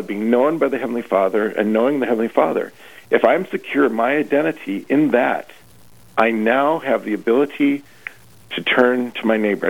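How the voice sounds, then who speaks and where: A man's voice: mid-range voice, gravelly. A man, a priest leading a retreat, preaching earnestly on a radio show and often restarting his phrases. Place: radio broadcast. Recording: tinny phone-like radio line.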